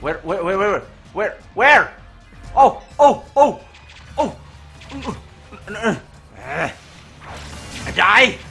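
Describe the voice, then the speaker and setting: Man, let's play host, frantic panicked yelling, high voice, wild swings in pitch. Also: drawn-out words, gravelly, pauses often, soft background music. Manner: animated, joking. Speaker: gaming channel host.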